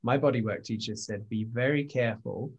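A man's voice: medium pitch, fairly quick, slightly rough. Hesitant man recalling in conversation. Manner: hesitant, stammering restarts. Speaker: host and bodywork practitioner. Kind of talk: conversational interview. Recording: dull lo-fi audio.

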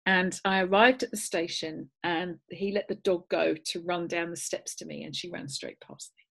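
A woman, a guest course leader, telling an animated story on a video call and dropping to a whisper at tender moments. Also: lowish voice, normal speed, gravelly. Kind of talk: storytelling on a webinar.

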